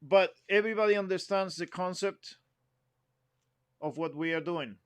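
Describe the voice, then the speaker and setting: A man's voice: sits high, moderate pace, smooth, dry recording. A man giving an instrument lesson, explaining phrasing patiently, humming example phrases and counting the group in. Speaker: music teacher.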